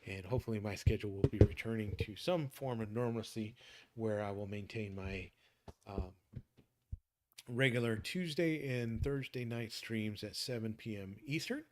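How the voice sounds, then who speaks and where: A man's voice: lowish voice, moderate pace, noisy background. A middle-aged man signing off his game stream in a casual, upbeat way, rambling with many fillers and restarts.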